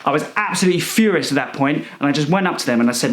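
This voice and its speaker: A young man telling a rambling, self-righteous comic story in a deadpan, indignant manner. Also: a little high, rapid-fire, few pauses. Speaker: comedic character monologue performer.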